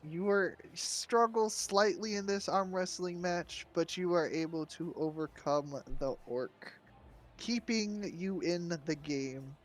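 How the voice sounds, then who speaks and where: A man running a tabletop game as game master, relaxed and often laughing. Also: high voice, slow pace.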